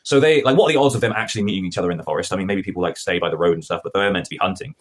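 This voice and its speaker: A man's voice: deep voice, very fast. A man reviewing a TV episode in a casual, exasperated and sarcastic rant.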